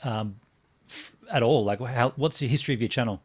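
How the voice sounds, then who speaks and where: A man's voice: medium pitch, a little fast, husky. Enthusiastic slangy man hosting a chat. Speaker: podcast host. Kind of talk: casual chat.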